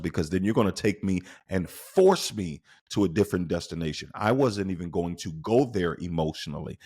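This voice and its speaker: A man's voice: deep voice, animated, a little fast, hardly any pauses, a little mellow, slightly rough. A man hosting a podcast, delivering an emphatic motivational monologue full of rhetorical questions to the listener. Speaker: podcast host.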